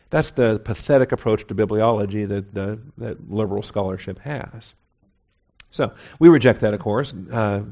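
Male pastor, mid-pitched, talky expository sermon full of rhetorical questions; slightly lo-fi recording. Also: darkish tone. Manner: conversational, asks rhetorical questions, frequent "okay?" check-ins. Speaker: pastor teaching a Bible study. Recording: slightly muffled, dull recording.

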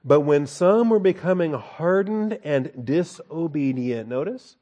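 A man leads a Bible study in a dark, mellow voice. He reads scripture aloud and then adds folksy, conversational asides, often with a chuckle. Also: a little high, lively intonation, measured pace. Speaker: Bible teacher.

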